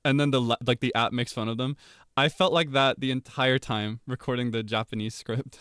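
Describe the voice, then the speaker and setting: A man streaming, chatting casually from home in an animated, playful way with frequent laughter. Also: mid-range voice, fairly quick, clean tone, no room sound, clean studio sound. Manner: animated and playful, laughs often, jumps between topics. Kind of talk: casual livestream chat.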